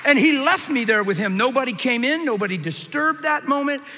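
A man preaching his testimony, moving between hushed and shouted lines with dramatic energy. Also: very high-pitched, lively intonation, fairly quick, in a large hall, very noisy. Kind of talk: testimony sermon.

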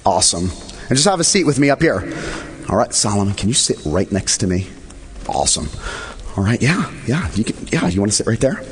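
A man leading a children's sermon in a church, gentle and playful as he coaxes the children along. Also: lowish voice, very animated, a little fast, long reverb tail, a little hiss or hum. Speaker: pastor. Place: church sanctuary.

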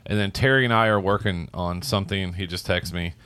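Low-voiced rambling male co-host. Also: a little fast, a bit bright, clear, resonant tone, no echo. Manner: rambling, with frequent fillers and restarts. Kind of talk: casual chat.

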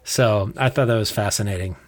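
A man's voice: lowish voice, a little fast. A man co-hosting a casual faith podcast, reading passages aloud and then talking with restarts. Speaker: podcast co-host.

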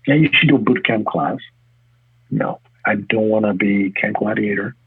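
A man's voice: on the low side, creaky, breathy edge, no room sound. A man who coaches fitness and runs a gym, talking casually and energetically in an interview, often restarting his sentences. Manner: energetic, talks in quick restarts. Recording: tinny phone-like line.

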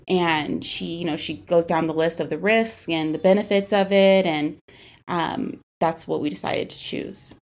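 A woman in her twenties hosting a podcast, recounting a painful personal story candidly and emotionally, with many casual fillers. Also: on the low side. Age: 20s. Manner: candid, emotional, frequent "like" and "you know" fillers. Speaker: podcast host.

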